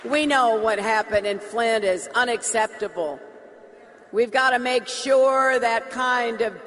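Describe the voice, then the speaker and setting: A woman politician giving a campaign speech, slow, emphatic and repetitive. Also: a little high, fairly bright tone. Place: large hall. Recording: reverberant hall.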